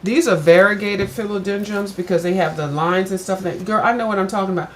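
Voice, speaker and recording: A woman's voice: mid-range voice, brisk, slight background noise. Chatty older woman telling a story. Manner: chatty, addresses viewers as "girl", animated when retelling. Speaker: vlogger. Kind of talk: casual storytelling chat.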